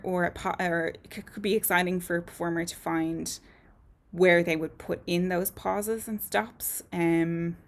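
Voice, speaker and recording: Methodical woman teaching a lesson. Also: on the low side. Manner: clear and methodical, with frequent ums. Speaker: voice and speech teacher. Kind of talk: explaining lesson to camera.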